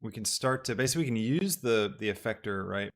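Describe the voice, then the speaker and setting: A young man talks through a live software tutorial at his computer. His voice sits low and carries a gravelly fry, and he meanders with frequent ums as he works things out aloud. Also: expressive, quick pace. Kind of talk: live-streamed casual tutorial.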